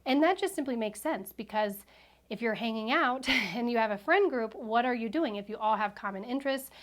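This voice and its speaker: A woman in her thirties telling a personal story in a chatty vlog, animated, with frequent fillers and self-corrections. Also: fairly high pitch, a little fast. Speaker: vlogger.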